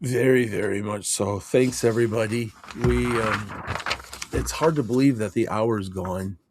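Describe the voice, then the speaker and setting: A man co-hosting a casual chat show, rambling and halting with many fillers. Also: fairly low pitch, noisy background. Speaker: co-host.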